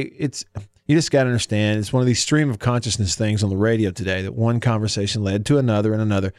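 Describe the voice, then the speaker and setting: A man's voice: lowish voice, quick pace, darkish tone, no echo. A man hosting a talk radio show from a studio, rambling chattily and reading live ads. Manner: rambling, chatty, self-interrupting. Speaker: radio sports show host.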